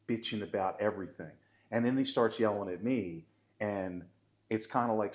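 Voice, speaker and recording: A man, co-hosting a podcast and telling animated referee stories in casual chat. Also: lowish voice, fast talker. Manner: animated, gets loud and excited telling stories. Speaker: podcast co-host, sports referee.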